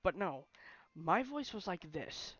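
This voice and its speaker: A young man venting at home in an emotional vlog rant, frustrated and halting, often restarting his sentences. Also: high-pitched, sing-song, fairly bright tone, breathy edge, dry recording, muffled recording. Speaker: vlogger. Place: bedroom at home.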